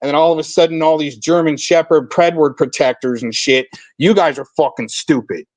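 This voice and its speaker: A man's voice: on the high side, fairly even intonation, fairly quick, no room sound. Furious swearing man ranting on a stream. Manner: profane, shouting insults, aggressive. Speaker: stream host. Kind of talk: heated livestream rant.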